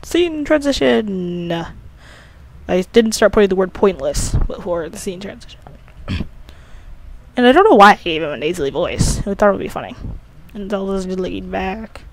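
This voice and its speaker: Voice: mid-range voice, animated, fairly quick, slight background noise. The creator of an audio drama series, rambling through a casual commentary with an offhand, slightly sleepy manner and many self-corrections. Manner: rambling, often restarts and corrects itself.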